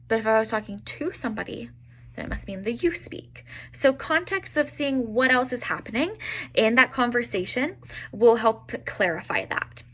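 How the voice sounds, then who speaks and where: A young woman with a bright, fairly high voice gives an online language lesson for beginners. She spells out each example slowly and carefully, with frequent fillers between them. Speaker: Italian teacher.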